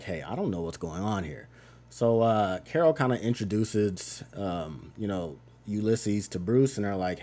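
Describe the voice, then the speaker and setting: A man's voice: deep voice, dark tone. A man giving a casual, rambling page-by-page comic book recap, loosely paraphrasing the characters in an offhand tone.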